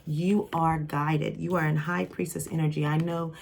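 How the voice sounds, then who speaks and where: A woman's voice: low-pitched, little pitch movement, normal speed, vocal fry, a little mellow, slight background noise. A woman giving a casual spiritual tarot reading. She talks straight to the viewer in a reassuring, encouraging way and often restarts and rambles. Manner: rambling, many restarts and fillers. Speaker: tarot reader.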